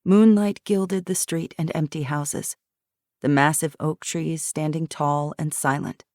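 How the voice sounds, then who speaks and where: A woman reads an audiobook in a steady, measured way. Her voice sits low, and the close studio sound is dry. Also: no room sound. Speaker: audiobook narrator. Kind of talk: scripted narration.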